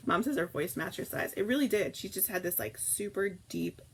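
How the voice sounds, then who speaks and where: Chatty woman with a gravelly edge. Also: mid-range voice, sing-song, a little fast, a little hiss or hum, poor audio. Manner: rambling, effusive, reads comments aloud. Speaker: host of a morning livestream. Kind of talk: casual chat reading viewer comments.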